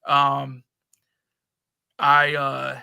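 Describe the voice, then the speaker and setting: A man's voice: mid-range voice, monotone, drawn-out words, creaky, pushed and bright, clean tone. A man chatting as a podcast guest, laid-back, recalling old times in rambling stories. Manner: laid-back, short agreements, rambling recollections. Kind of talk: casual chat, reminiscing.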